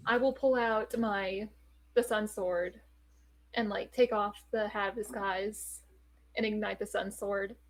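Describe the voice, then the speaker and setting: A woman's voice: medium pitch, steady tone, unhurried, poor audio. A woman playing a tabletop game who talks casually and easily about what her character does. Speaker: player.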